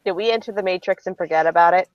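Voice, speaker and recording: A woman co-hosting a casual stream chat, teasing and quick with a laugh. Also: fairly low pitch, no room sound, highs cut off. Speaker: stream co-host.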